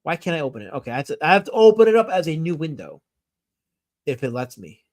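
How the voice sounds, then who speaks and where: A man's voice: a little high, sing-song, fast talker, a little mellow. A man hosting a casual live stream, reading viewer comments and rambling enthusiastically with fillers and self-corrections. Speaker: streamer host.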